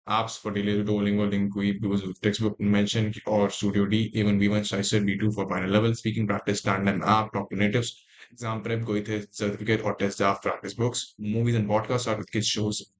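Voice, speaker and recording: A man's voice: fairly low pitch, level tone, a little fast. A young man with an Indian English accent on a casual livestream, reading text aloud and breaking off into muttered asides and restarts.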